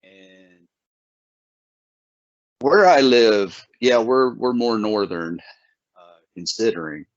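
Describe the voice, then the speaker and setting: A man with an Appalachian accent chats casually as a host, stumbling over restarts before his thoughts land. His pitch swings widely and the audio is dull and lo-fi, with a dry, close sound. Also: lively intonation, slow, pauses often, no room sound. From Southern Ohio, USA. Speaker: podcast host. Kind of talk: casual chat.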